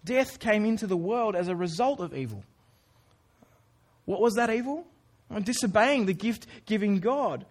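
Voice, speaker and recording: A man's voice: high-pitched, lively intonation, unhurried. A man preaching a sermon in a casual, earnest way, with informal asides to the congregation. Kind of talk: conversational sermon.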